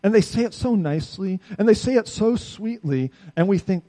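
A middle-aged man preaching a sermon in a conversational, animated way, often asking his listeners "right?". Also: high voice, moderate pace, few pauses. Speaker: pastor.

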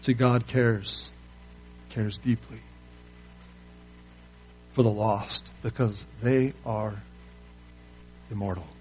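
A man preaching a sermon, pressing his listeners with rhetorical questions and moving between loud emphasis and quiet asides. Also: fairly low pitch, steady tone, extremely slow, long pauses, soft background music. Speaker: pastor.

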